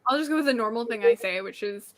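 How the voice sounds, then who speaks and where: A woman's voice: fairly high pitch, expressive, quick pace. A woman guesting on a chat show, talking casually with lots of fillers and easy laughs. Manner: chatty, laughs often, many fillers. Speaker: radio show host guest.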